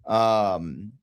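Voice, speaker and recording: Man, podcast host, crude storyteller, lowish voice, dry sound. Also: clean tone, no room sound. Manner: crude, storytelling, laughing at own jokes. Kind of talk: casual chat.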